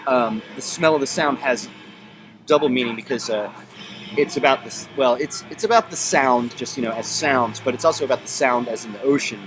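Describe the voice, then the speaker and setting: A man being interviewed as a band member, talking in a relaxed, casual way with many ums and uhs. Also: mid-range voice, fairly quick, low-quality recording. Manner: relaxed, filler-heavy, thinking aloud. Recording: loud music in the background.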